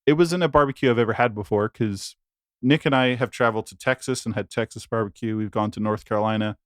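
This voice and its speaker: A man's voice: lowish voice, quick pace, dry recording, studio quality. A young man co-hosting a podcast, telling stories in a rambling, laughing, casual chat. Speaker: podcast co-host.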